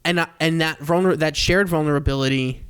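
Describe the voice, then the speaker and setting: A young man co-hosting a comedy podcast, talking in an animated, self-mocking way and swearing freely. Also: fairly high pitch, a little fast, clear, resonant tone. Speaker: podcast co-host. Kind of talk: casual comedic chat.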